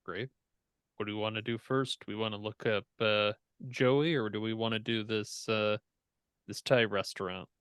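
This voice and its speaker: A man's voice: fairly low pitch, steady tone, moderate pace, a bit bright, clear, resonant tone, no room sound. A man playing in a tabletop game, chatting eagerly about what to do next. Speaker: player. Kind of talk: casual tabletop play.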